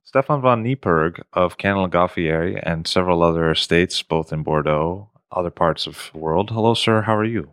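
Very deep smooth-voiced male host. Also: a bit bright, dry recording, studio quality, faint music behind. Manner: polite measured questioning. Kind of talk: interview.

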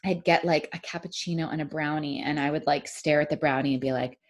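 A woman's voice: low voice, steady tone, fast talker. A woman author chatting as a podcast guest, rambling with many "like"s and restarting her sentences. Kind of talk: casual podcast chat.

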